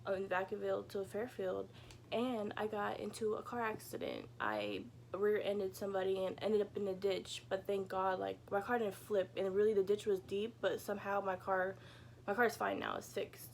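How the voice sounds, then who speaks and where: A woman's voice: mid-range voice, moderate pace, creaky, slight background noise. A young woman vlogger telling a casual storytime from her bedroom, chatty and peppered with "like" and "you know," swearing freely. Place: home bedroom.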